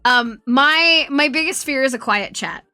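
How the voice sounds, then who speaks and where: Bright, profane woman streamer. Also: sits high, expressive, measured pace, smooth, dry recording, soft background music. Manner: profane, rambling storytelling. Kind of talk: casual stream chat. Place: home streaming setup.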